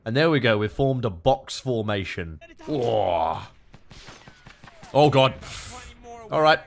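Excitable Australian man gaming. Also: medium pitch, slow, vocal fry. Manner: excitable, swears and yelps at the action. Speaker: gaming YouTuber. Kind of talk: let's-play commentary.

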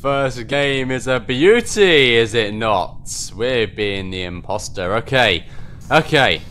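A man giving excitable live commentary on his own gameplay, quick to get worked up and swear at other players. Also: medium pitch. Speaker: gaming video host.

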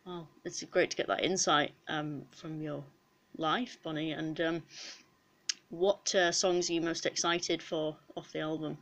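A woman hosts a mock interview in a soft, quiet voice. Her delivery is deadpan and a touch low in pitch. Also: a little slow. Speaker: host and musician.

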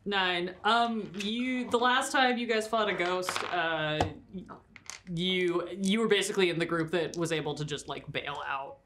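A woman running a tabletop game as game master, describing monsters in a casual, drawn-out way with fillers and laughs. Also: on the low side, background noise.

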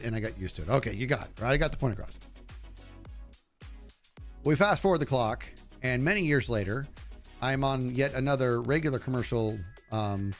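A middle-aged man chatting casually on a live stream, telling rambling, self-deprecating stories that turn animated at the punchlines. His voice sits at an ordinary pitch, with faint music playing behind him. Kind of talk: casual storytelling to a live chat.

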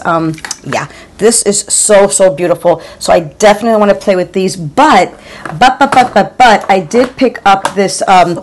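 A chatty woman in her forties or fifties reviews makeup from her home. Her voice sits a little low, and she talks to viewers like a friend, calling them "girl" and stumbling over repeated words. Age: 40s or 50s. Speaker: beauty vlogger. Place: home room.

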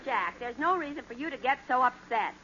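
A woman's voice: high voice, lively intonation, fairly quick, bright, forceful tone. A woman in a 1940s radio comedy, speaking in a tart, needling way. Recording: hissy lo-fi 1940s radio broadcast.

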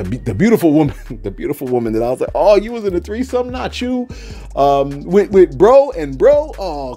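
Male gossip host, lively swooping delivery, slightly husky tone, chatty and rambling. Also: mid-range voice. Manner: rambling, animated, frequent restarts and asides to viewers. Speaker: celebrity news commentator. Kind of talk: casual commentary.

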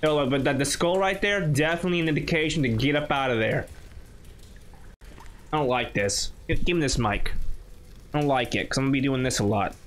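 A man's voice: mid-range voice, fairly quick, pauses often. A man on a YouTube channel giving nervous, chatty running commentary while playing a horror game. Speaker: YouTube gamer.

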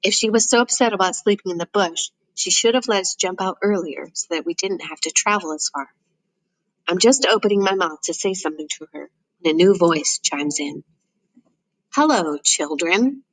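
Low-voiced woman reading a novel. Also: fairly quick, no echo, low-quality recording. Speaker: audiobook narrator. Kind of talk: first-person novel reading.

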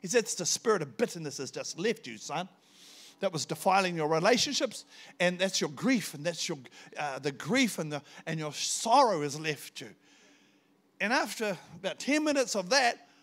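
An older man delivers a sermon as a visiting preacher. His voice sits a little high for a man, and he tells his story with animated back-and-forth dialogue. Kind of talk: sermon with personal testimony.

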